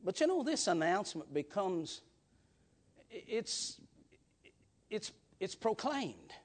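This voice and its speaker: A man preaching a storytelling sermon in a folksy way, repeating words as he builds up to shouts. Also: sits high, big pitch swings, slow pace.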